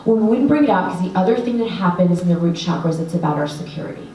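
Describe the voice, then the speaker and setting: A woman writing coach telling an earnest, animated story to an audience, with lots of fillers. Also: fairly low pitch, rapid-fire, slight background noise. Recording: echoey room, voice from a distance.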